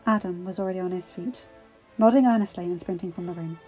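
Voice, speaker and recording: A woman narrating a fan-fiction story in a steady, expressive reading. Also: on the low side, fast talker, breathy edge. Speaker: audiobook reader. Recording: dull lo-fi recording with faint music.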